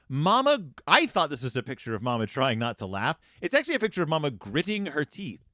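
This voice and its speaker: Podcast host, middle-aged man, expressive book commentary, bright tone, dry close sound. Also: fairly high pitch, brisk, no echo. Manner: animated, acts out quoted lines in changing voices. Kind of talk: reading and commenting on a picture book.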